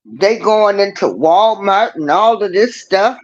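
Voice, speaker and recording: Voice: mid-range voice, expressive, unhurried. A person chiming in with short remarks during a casual chat. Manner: short interjections and comments. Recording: dull lo-fi sound.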